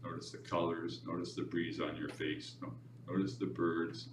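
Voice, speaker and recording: A man with a lowish voice leads a meditation class, relaxed and chatty. He sounds distant from the mic in a reverberant library room. Steady background noise sits under his voice. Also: moderate pace. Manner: relaxed and chatty, with easy laughs. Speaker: meditation teacher. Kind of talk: informal class instruction.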